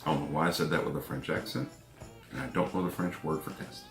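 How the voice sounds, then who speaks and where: A man reviewing a pocket knife in a casual vlog. He has a runny nose, keeps clearing his throat, and chuckles at himself in a wry, laid-back way. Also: very deep voice, fast, fairly bright tone, roomy sound, faint music behind.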